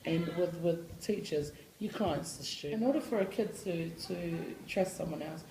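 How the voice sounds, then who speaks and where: Animated blunt New woman. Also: low voice, normal speed, hardly any pauses, echoey room, slight background noise, poor audio. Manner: blunt, slangy and animated, laughs often. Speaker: school staff member working with students. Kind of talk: interview answers.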